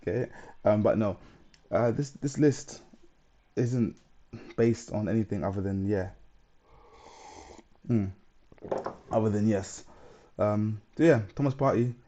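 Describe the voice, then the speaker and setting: A man's voice: lowish voice, takes it slowly, long pauses, mellow. A man hosting a live stream, chatting casually and reading out viewer comments in a rambling way.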